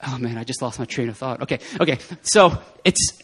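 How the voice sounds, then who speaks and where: A man speaking at a prayer meeting, telling personal testimony stories in an animated way and often laughing. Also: mid-range voice, brisk, slightly rough. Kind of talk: testimony sermon.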